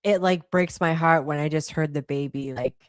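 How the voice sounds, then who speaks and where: A woman's voice: sits low, steady tone, moderate pace, no room sound. A woman hosting a live stream, chatting casually and apologizing in a frazzled, swearing way. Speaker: livestream host.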